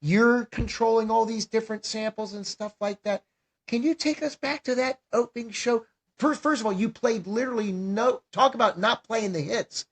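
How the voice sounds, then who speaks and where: Relaxed male podcast host asking questions. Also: sits high, normal speed. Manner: relaxed, prompting with short replies. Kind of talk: casual interview.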